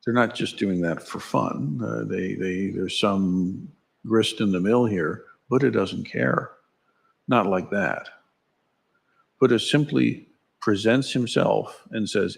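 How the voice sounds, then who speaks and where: Slow-talking man with a husky low voice giving a wry, conversational dharma talk in a temple. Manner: conversational, wry, asks the audience questions. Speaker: dharma teacher. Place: temple hall.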